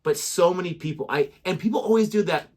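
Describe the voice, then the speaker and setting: A man's voice: high voice, fast. A man co-hosting a reaction show, chatting casually with a rambling, self-deprecating manner.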